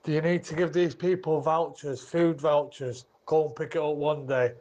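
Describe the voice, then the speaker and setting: A man's voice: a little high, steady tone, normal speed, darkish tone. A man from Manchester, phoning in to a radio show and making his point bluntly in short clipped phrases. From Manchester, England. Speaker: caller. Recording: muffled phone line.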